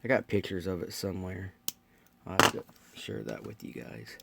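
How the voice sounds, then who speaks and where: Low-voiced man in casual hobby chat. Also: sing-song, moderate pace, gravelly, very noisy. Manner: rambling, laid-back, many ums, talks to chat viewers. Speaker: model car builder streaming live. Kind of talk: casual live-stream chat.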